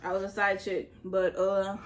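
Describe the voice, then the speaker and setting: A woman's voice: medium pitch, completely flat delivery, measured pace. A young adult woman vlogger telling a candid, slangy story in casual chat as she eats, laughing at herself. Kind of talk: casual storytime while eating.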